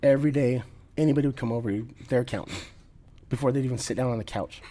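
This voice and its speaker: A man's voice: mid-range voice, fast, warm tone, slight background noise. A middle-aged man telling a long rambling story as a podcast guest, laughing and restarting often. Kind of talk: casual storytelling.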